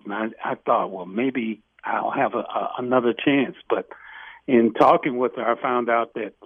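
A man's voice: mid-range voice, vocal fry, husky, no room sound. A man calling in to a radio show, talking hesitantly and searching for words. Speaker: caller. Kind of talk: phone-in call. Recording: phone line.

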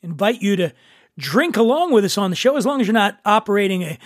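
A man's voice: high-pitched, lively intonation, quick pace, no echo, clean studio sound. A man hosting a podcast in a casual, jokey, teasing way. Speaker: podcast host.

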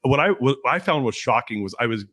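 Brief man as podcast host, laid-back and excitable, lively pitch, dry close sound. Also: brisk, dry recording. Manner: casual, enthusiastic, swears, says "dude". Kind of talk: casual podcast conversation.

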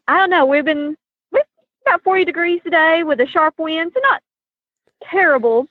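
A woman's voice: very high-pitched, moderate pace, dry recording, phone-quality sound. A woman from East Tennessee with an East Tennessee accent, calling in to a radio show, folksy and jokey with frequent laughter. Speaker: caller. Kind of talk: casual phone call.

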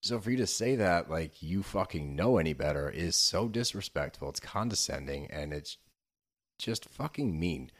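A man with a very deep voice co-hosts a podcast. He talks casually, swears freely and laughs easily, then gets worked up when something bothers him. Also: expressive, normal speed. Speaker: podcast co-host. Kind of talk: casual chat recapping a reality show.

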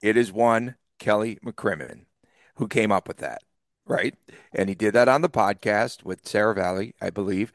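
A man from the East Coast co-hosting a sports podcast, chatting casually and telling animated stories with frequent laughs. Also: lowish voice, moderate pace, no echo, clean studio sound. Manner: laughs often, animated storyteller. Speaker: podcast co-host.

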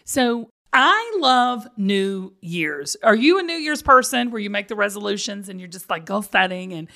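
A woman's voice: mid-range voice, very animated, moderate pace, gravelly, sharp tone. A woman hosting a podcast in casual chat. She talks candidly and laughs often. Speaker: podcast host.

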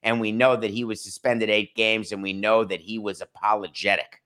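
A man hosting a sports podcast, talking in a dry, mocking tone with deliberate pauses for emphasis. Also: fairly low pitch, flat delivery, pushed and bright, clear, resonant tone. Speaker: podcast host. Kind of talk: sarcastic sports commentary.

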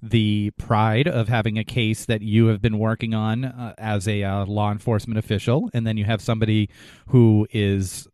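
A man's voice: on the low side, level tone, moderate pace, darkish tone, no room sound, clean studio sound. A man co-hosting a podcast, asking earnest, rambling questions in casual chat. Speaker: podcast co-host.

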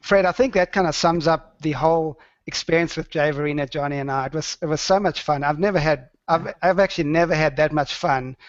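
A man, a producer and guest on a podcast, looking back fondly in a warm, reflective way. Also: a little high, fairly quick, few pauses, no echo, muffled recording. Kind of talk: casual interview chat.

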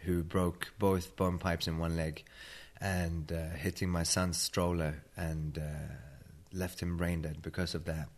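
A man from Sweden with a British-tinged accent, a tired interview guest speaking in a measured, matter-of-fact way. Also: deep voice, level tone. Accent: British-tinged Swedish. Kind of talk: interview conversation.

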